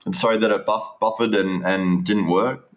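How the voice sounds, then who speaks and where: A man's voice: on the low side, fairly even intonation, moderate pace. A man giving casual, rambling live stream commentary, restarting sentences and talking straight to his viewers.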